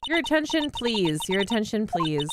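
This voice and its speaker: A woman's voice: medium pitch, very animated, normal speed, background noise, lightly acted. Woman reading as a formal PA announcer. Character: formal adult public-address announcer. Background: loud game music.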